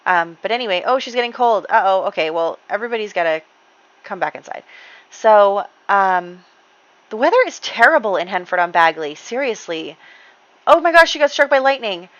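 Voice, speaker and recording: A woman's voice: mid-range voice, lively intonation, normal speed, fairly bright tone, highs cut off. A woman giving casual, rambling gameplay commentary, chatty, with lots of ums and light laughs. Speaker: gaming channel host.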